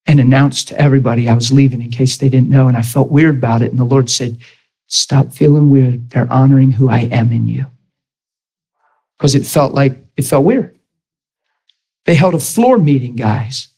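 A man preaching, retelling a story in an animated, emphatic way with lots of repetition. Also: medium pitch, poor audio. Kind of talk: storytelling sermon.

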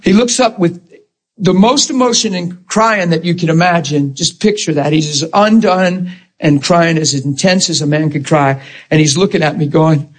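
A man who is a Christian minister, telling stories in an animated chat, emphatic and often laughing as he talks. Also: fairly high pitch, normal speed.

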